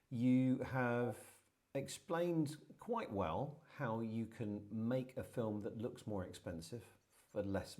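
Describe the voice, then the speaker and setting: A man hosting an interview, asking measured questions with a dry sense of humor. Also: fairly low pitch, a little mellow. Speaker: interviewer host.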